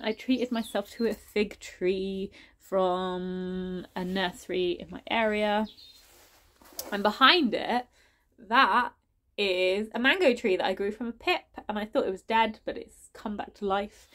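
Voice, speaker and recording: A woman with a stuffy, sniffly voice giving a chatty, enthusiastic tour of her garden and greenhouse. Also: mid-range voice. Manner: enthusiastic, chatty, names plants as she walks. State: congested, sniffing from a cold or hay fever. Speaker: gardening vlogger. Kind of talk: casual garden tour narration.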